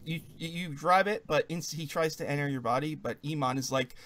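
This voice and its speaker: A man narrating as game master of a tabletop game, in a playful, animated way. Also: a little high, a little fast, no room sound.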